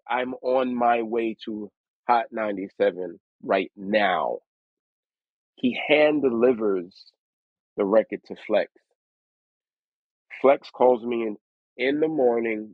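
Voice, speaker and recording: A lower-pitched man tells stories as a guest rapper in an interview, lively and fond of doing other people's voices. The sound is dry and close, squeezed thin like a phone line. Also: dry recording. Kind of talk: storytelling interview.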